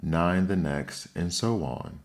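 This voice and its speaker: A man's voice: low-pitched, lively intonation, takes it slowly, heavily acted. A man doing the Mock Turtle, a sighing, mournful creature. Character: melancholy sobbing male Mock Turtle, sighing. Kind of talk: audiobook character reading.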